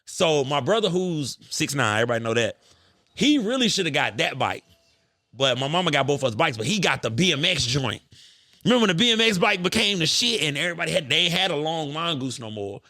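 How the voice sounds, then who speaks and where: A man in his thirties hosting a podcast, telling stories in an animated, profane, bantering way. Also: on the high side, a little fast, no room sound, clean studio sound. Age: 30s. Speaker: podcast host. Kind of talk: casual podcast chat.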